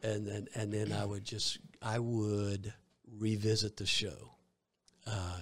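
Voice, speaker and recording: A Southern US man with a low-pitched voice, a minister recounting his stage ministry for an interviewer. He rambles, circling back and restarting phrases as he goes. His tone stays conversational and easy. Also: flat delivery, slow, dry recording. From Georgia, US. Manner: rambling, with many fillers and restarts. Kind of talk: storytelling in an interview.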